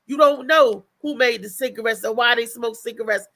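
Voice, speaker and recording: A woman's voice: a little high, brisk, vocal fry. A woman co-hosting a casual livestream chat, telling stories. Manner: animated storytelling with frequent restarts and laughter. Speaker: co-host.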